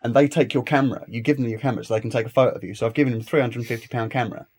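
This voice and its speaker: A man in casual chat, telling travel stories in an animated, ranting way. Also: mid-range voice, very fast, breathy edge.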